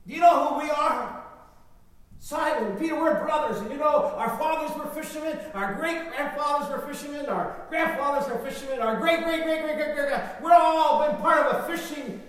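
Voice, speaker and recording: A man voicing an incredulous male fisherman who protests loudly and climbs to a shout, in a reverberant hall heard from a distance. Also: very high voice, normal speed, voice pushed up. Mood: indignant. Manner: incredulous, loud, rising to a shout. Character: indignant male fisherman, a suspicious working man. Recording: echoey hall, voice from far off.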